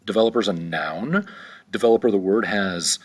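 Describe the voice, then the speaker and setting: A man teaching a vocabulary lesson in one unedited take, slow and deliberate with frequent ums and restarts. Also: fairly low pitch.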